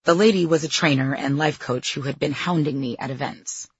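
A woman's voice: low-pitched, fairly quick, breathy edge, dull audio. A woman narrating her own memoir as an audiobook, candid and self-deprecating.

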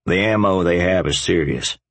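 A man voicing a practical, matter-of-fact biker in a storybook reading. The voice is deep and husky, the sound dry. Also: moderate pace, a bit bright, dry recording, full character voice.

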